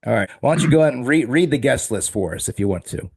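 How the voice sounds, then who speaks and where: Male host, casual chat, rambling and excitable, average pitch. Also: vocal fry, husky. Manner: rambling and excitable, quick restarts.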